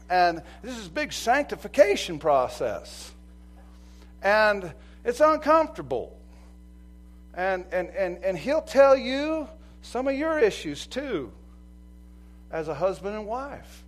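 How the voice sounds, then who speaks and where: A man preaching a sermon as pastor, animated, acting out quoted voices and swinging from loud to soft. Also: high voice, measured pace, poor audio. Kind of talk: lively sermon.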